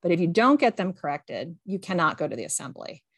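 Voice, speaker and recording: A woman's voice: lowish voice, big pitch swings, a little fast, no echo. A woman voicing a strict, dismissive classroom teacher who gives curt orders, in a dry recording.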